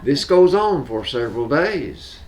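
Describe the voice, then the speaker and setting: A man's voice: mid-range voice, sing-song, measured pace. An older man with a Southern US accent, a talk show co-host telling jokes and laughing at his own punchlines. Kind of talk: casual joke telling.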